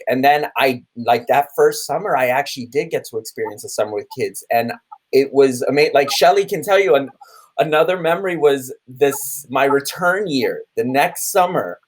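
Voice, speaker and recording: A man in his thirties talks on a podcast, recounting his camp memories. He tells them in an animated way, restarting often and acting out what others said. His voice sits at a middle pitch. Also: normal speed, low-quality recording. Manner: animated storytelling with many restarts and acted quotes. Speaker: camp theater director. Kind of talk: podcast conversation.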